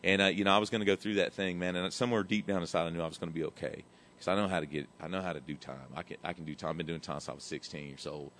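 A man's voice: sits low, rapid-fire, a little hiss or hum. Profane man telling his recovery story. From Texas. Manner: profane, animated storytelling, swings between loud and quiet. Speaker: recovery speaker. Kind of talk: recovery testimony talk.

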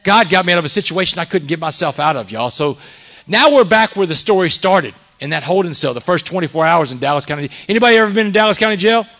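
Guy telling his recovery story to a crowd, talks quick, voice sits kinda high, gets loud then goes real quiet. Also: expressive. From Texas. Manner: earnest, swings from loud emphasis to hushed confession. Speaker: recovery speaker. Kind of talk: personal testimony to a live audience.

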